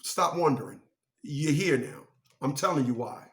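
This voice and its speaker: A man's voice: fairly high pitch, animated, normal speed, a bit bright. A man giving a motivational monologue who speaks emphatically and repeats phrases to drive his points home.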